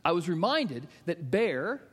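A middle-aged male pastor preaching a sermon, telling stories that swing from hushed to emphatic. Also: fairly high pitch, very animated, measured pace, husky. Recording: long reverb of a large hall.

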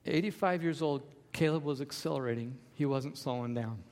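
A man's voice: mid-range voice, normal speed, a little mellow, in a large hall. A man preaching a sermon as pastor, emphatic, with repeated refrains.

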